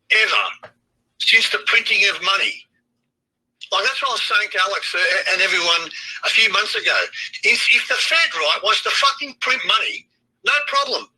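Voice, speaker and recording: A heated Australian man rants with constant swearing and hard emphasis. His voice sits high for a man and comes out sharp and tense, with a husky edge. The sound is tinny and thin, like a phone line. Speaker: trading chat host. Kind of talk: blunt rant to an online audience.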